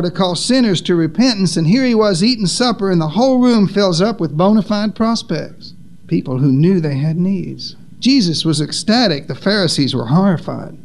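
A man preaching a sermon, with dramatic pauses and sharp drops in pitch for emphasis. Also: animated.

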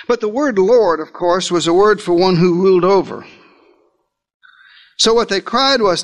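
A man preaching a sermon, retelling a story in the first person with dramatic swings between loud emphasis and quiet asides. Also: sits high, lively intonation, normal speed, long pauses. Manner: dramatic storytelling, speaking as a disciple.

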